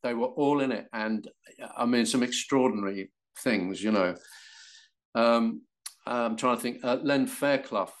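An older English man, an actor guest, telling animated stories about his career and acting out quoted voices with frequent laughs. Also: mid-range voice, a little slow. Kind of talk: anecdotal interview.

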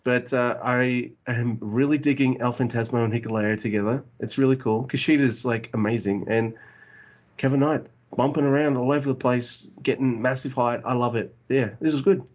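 A man's voice: medium pitch, steady tone, normal speed. A man co-hosting a wrestling podcast, recapping a match in a casual, enthusiastic way with many fillers and swear words. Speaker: podcast co-host. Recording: dull lo-fi podcast audio.

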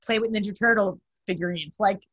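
A woman hosting a casual chat, upbeat and quick to laugh. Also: mid-range voice, a bit bright, husky, no room sound, muffled recording. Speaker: host.

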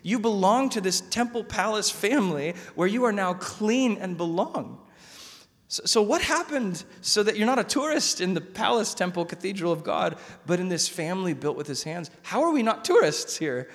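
Animated preaching man in echoing hall. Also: high voice, moderate pace. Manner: conversational, animated preaching with repetitions. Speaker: pastor. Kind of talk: sermon. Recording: long hall reverb.

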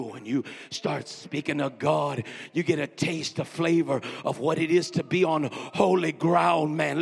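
A man in the pulpit, a pastor, preaching with call-and-response, fervent repetition, hushed whispers and rising shouts. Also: on the high side, a little slow, vocal fry, few pauses, big-room sound. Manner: drops to hushed whispers for emphasis; fervent, repeats phrases. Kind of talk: sermon. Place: church sanctuary.

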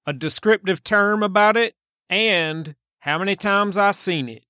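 A man co-hosting a podcast in casual chat, teasing with dry deadpan humor. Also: high voice, unhurried, dry recording. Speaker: podcast co-host.

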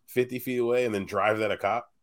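A man's voice: lowish voice, steady tone, brisk. A man on a casual podcast, telling stories and laughing often. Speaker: podcast co-host. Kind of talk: casual chat.

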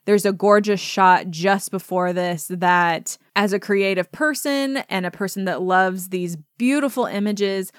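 A woman's voice: mid-range voice, unhurried, hardly any pauses, clean tone, no room sound, clean studio sound. A young adult woman hosting a podcast, breaking down a show trailer in a chatty, opinionated, gushing way. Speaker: podcast host. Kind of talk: casual trailer breakdown commentary.

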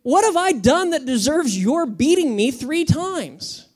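Preacher playing a hurt talking donkey, high and pleading. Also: sing-song, measured pace, darkish tone. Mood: aggrieved.

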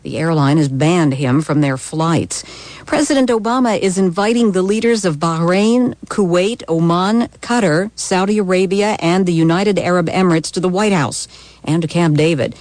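A woman anchoring a radio newscast in a measured, formal manner. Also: on the low side, darkish tone, no room sound. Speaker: news anchor. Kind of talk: radio news reading.

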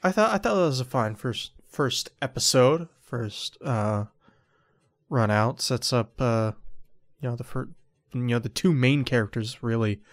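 A man's voice: medium pitch, measured pace, no echo. A man co-hosting a podcast, chatting casually and restarting his phrases often. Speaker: podcast co-host. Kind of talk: casual chat.

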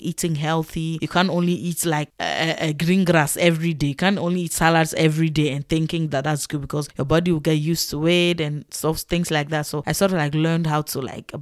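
A young woman telling a casual story to camera, animated and chatty, acting out her own thoughts with sighing exclamations. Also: lowish voice, no room sound, studio quality. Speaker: vlogger.

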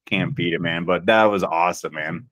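A man's voice: sits low, fairly even intonation, moderate pace, a bit bright, no room sound. A young man in a casual podcast chat, laid-back and enthusiastic, swearing freely as he tells stories. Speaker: podcast co-host.

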